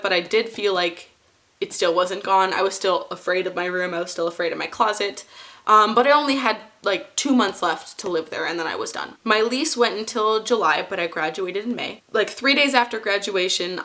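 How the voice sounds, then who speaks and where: A woman's voice: medium pitch, expressive, brisk, pushed and bright. A young woman in her twenties, casually telling a personal story to camera, rambling with many fillers and restarts.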